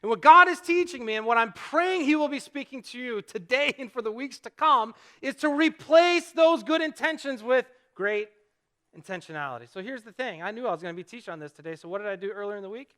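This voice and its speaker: A man's voice: very high voice, expressive, a little fast, bright, forceful tone. A middle-aged male pastor preaching a sermon to a church congregation, telling stories about his own life in a conversational, self-deprecating way and posing rhetorical questions. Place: church sanctuary before a congregation.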